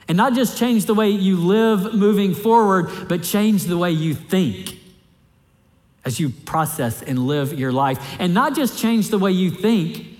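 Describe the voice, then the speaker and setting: Casting: male pastor, fairly high voice, conversational sermon delivery, long hall reverb. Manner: conversational preaching, repeats key phrases for emphasis.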